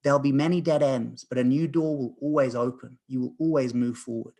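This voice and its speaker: A man's voice: mid-range voice, fairly even intonation, fairly quick, vocal fry, dark tone. Time itself, as a man puts him on. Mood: calm. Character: time personified as a man in a suit.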